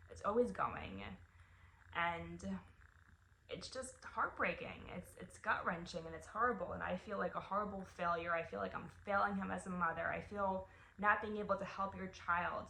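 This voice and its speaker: A young woman speaks in an emotional, halting way, her voice clear and bright with a forward edge. She keeps restarting phrases and reaching for words as she talks as a mother in a personal vlog. The room around her is echoey. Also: mid-range voice, slight background noise. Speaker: vlogger and mother.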